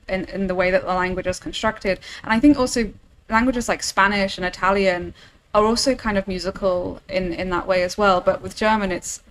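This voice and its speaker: A woman's voice: mid-range voice, fairly bright tone, slight background noise, poor audio. A woman from the south of England with a Southern English accent, chatting casually, laughing often and trailing off mid-sentence. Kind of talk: casual chat.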